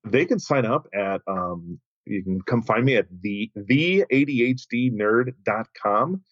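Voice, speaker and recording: A man telling a lively story as a guest on an interview podcast, acting out the voices of the people in it. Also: unhurried, dry recording, lo-fi sound. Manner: animated, acts out quoted voices with big pitch jumps.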